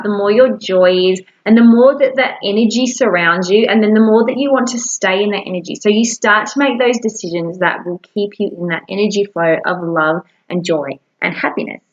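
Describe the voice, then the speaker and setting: A woman's voice: medium pitch, normal speed, hardly any pauses, lo-fi sound. A woman giving casual, encouraging self-help advice to camera in a chatty way. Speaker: wellness coach.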